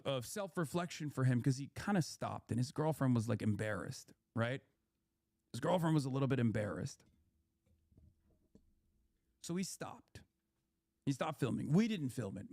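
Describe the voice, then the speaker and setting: A man's voice: mid-range voice, lively intonation, normal speed, long pauses, a little mellow, dry recording, studio quality. A young man, a political commentator, ranting in a heated, profane, rambling way on a stream.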